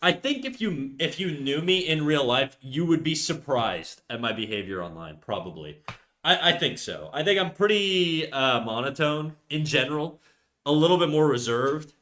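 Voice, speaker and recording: A man's voice: on the high side, very animated, moderate pace, a bit bright. A young man streaming live, chatting casually in an upbeat, talkative way, restarting and stumbling over his words.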